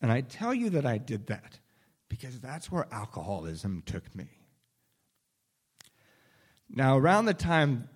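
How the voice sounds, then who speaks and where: A man telling a candid personal recovery story in a wry, self-deprecating way, often restarting sentences and chuckling. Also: mid-range voice. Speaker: speaker sharing a recovery story.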